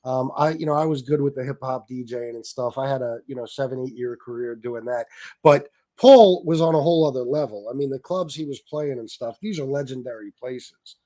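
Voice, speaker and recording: A man's voice: medium pitch, a little fast, mellow. A man hosting a casual interview, enthusiastic and reading out viewer donations. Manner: enthusiastic, reads donations aloud. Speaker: podcast host.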